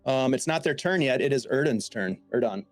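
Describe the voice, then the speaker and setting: A man's voice: medium pitch, expressive, a little fast, no echo, faint music behind. A man running a tabletop game as game master, narrating in a rambling way with many fillers.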